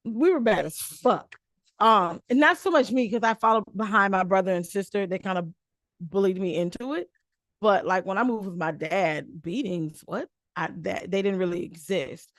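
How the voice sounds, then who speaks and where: A woman's voice: mid-range voice, normal speed, no room sound. A blunt, outspoken woman swearing freely as she makes her points in a loose group chat. Her voice sits in a middle register and is recorded dry, with no room sound around it. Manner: blunt and profane, opinionated.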